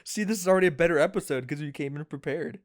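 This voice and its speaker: A young man co-hosting a podcast, spinning a long profane hypothetical between fits of laughter and sudden shouts. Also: on the high side, rapid-fire, dry recording, clean studio sound. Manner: rambling, profane, laughing storyteller who shouts when interrupted. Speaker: podcast co-host. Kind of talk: casual chat.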